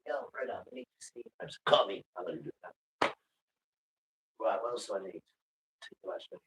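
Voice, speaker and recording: A man's voice: lowish voice, animated, fairly quick, a bit bright, a little hiss or hum, rough recording. A man chatting casually as he cooks and heads outside, rambling and joking as he talks. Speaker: vlogger. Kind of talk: casual chat while cooking.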